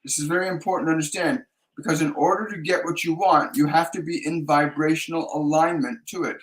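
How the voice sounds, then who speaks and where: A psychic medium hosting a live spiritual talk, answering viewer questions in a measured way and repeating key phrases for emphasis. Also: male voice, on the high side, steady tone, a bit bright, reverberant, low-quality recording.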